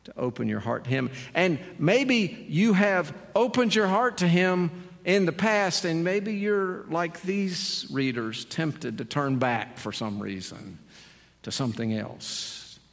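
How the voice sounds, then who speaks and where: A man's voice: a little high, expressive, slow, creaky. A man preaching a sermon as pastor, earnest and building to emphatic, repeated appeals. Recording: long reverb in a large hall.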